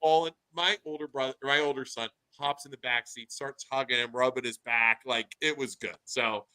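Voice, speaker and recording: A man in his thirties hosting a casual podcast, telling a story in an animated way and saying "dude" a lot. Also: mid-range voice, normal speed, clean tone, low-quality recording. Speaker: podcast host.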